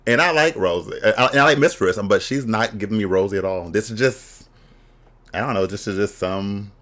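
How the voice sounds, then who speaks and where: A man's voice: fairly low pitch, moderate pace, fairly bright tone. A man hosting a casual reaction video, talking candidly and bluntly with bawdy jokes and frequent laughter. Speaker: drag reaction video host.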